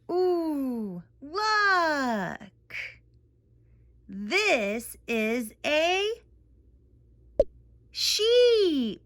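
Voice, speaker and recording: A woman's voice: high voice, sing-song, a bit bright. A woman speech therapist leading a playful lesson for toddlers, making animal sounds and drawing out her words. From United States. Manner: exaggerated, playful, drawn-out words. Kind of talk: slow, sing-song kids' lesson with animal sounds.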